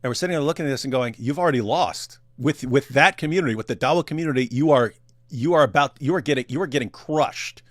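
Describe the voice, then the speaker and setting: A man's voice: mid-range voice, fast talker, no room sound, clean studio sound. A man casually commenting on video clips, chatty and often laughing. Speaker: reaction streamer.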